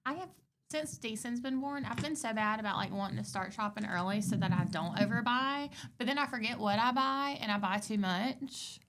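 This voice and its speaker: A woman's voice: fairly high pitch, moderate pace, fairly bright tone, a little hiss or hum. A young woman co-hosting a casual chat, easygoing and agreeable, saying "like" often. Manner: easygoing, lots of likes and agreeing.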